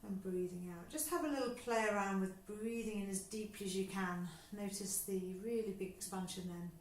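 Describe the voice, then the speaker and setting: A woman yoga teacher calmly guiding a breathing exercise, speaking slowly and soothingly. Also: mid-range voice, a little hiss or hum. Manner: slow, soothing guidance. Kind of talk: guided breathing instruction. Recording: echoey room with faint ambience.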